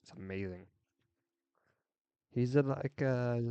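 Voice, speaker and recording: Slow-talking, goofy male game streamer. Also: on the low side, mellow, no echo. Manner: rambling, goofy, jokey. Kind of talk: casual live-stream chat while playing.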